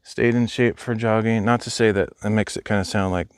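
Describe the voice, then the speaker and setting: Out hiking, a young adult man chats loosely on his live stream, musing aloud and answering comments from viewers. He speaks a bit fast in a low, steady, clear and resonant voice, and though he's using a phone mic, the audio sounds clean and studio-like with no room sound.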